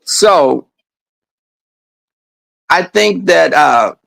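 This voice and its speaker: A man vlogging a casual story monologue, animated and profane, breaking off now and then to scold his dog. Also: on the high side, drawn-out words, gravelly, dry recording, poor audio.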